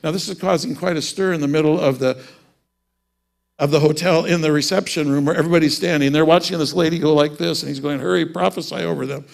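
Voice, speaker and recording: A man's voice: a little high, steady tone, fast talker, gravelly. A man preaching a sermon, telling a personal story and then rising into fervent preaching.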